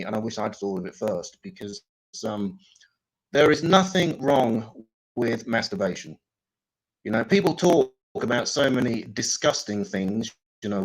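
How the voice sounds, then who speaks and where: A man doing improvised stand-up comedy, deadpan with bursts of loud mimicry. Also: fairly low pitch, poor audio.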